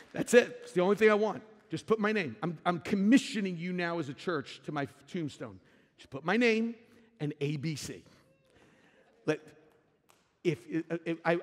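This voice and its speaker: A man preaching a sermon to his church, moving from quiet asides to loud shouted climaxes. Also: on the high side. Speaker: pastor. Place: large church sanctuary. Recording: reverberant large hall with music behind.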